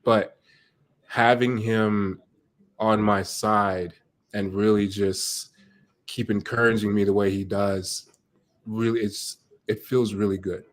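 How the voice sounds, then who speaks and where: A man with a lowish, fairly level voice talks earnestly in a conversation. He speaks heartfelt and open, as a guest on a discussion show. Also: flat delivery, takes it slowly. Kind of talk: personal conversation.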